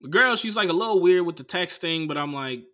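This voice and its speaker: A man hosting a comedy podcast, telling a profane story as a monologue, swinging from mumbled asides to loud outbursts. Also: high-pitched, expressive, fairly quick. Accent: Bay Area.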